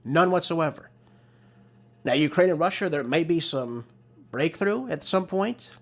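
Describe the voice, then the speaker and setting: Male talk host, lively pitch, exasperated rant, close mic. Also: a little slow. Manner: emphatic, exasperated, ranting. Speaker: political talk show host. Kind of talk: opinionated solo commentary.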